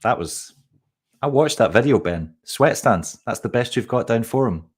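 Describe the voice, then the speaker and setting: A man's voice: mid-range voice, expressive, normal speed, slightly rough. A man in his forties hosting a casual live-stream chat, teasing his guest and often repeating words as he starts sentences. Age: 40s. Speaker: host.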